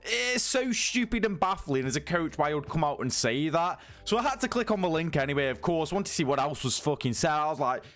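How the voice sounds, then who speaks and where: A man's voice: fairly high pitch, sing-song, brisk, few pauses, fairly bright tone, soft background music. A man giving a casual, incredulous and sweary rant as a sports news YouTuber.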